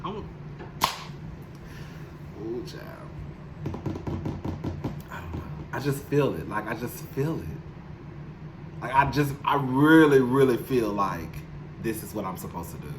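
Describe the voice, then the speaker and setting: A man's voice: medium pitch, animated, slow, long pauses, background noise. A man chatting candidly and emotionally to his viewers in a casual, profane vlog, speaking from his apartment. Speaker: YouTube commentator. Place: home apartment. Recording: roomy echo.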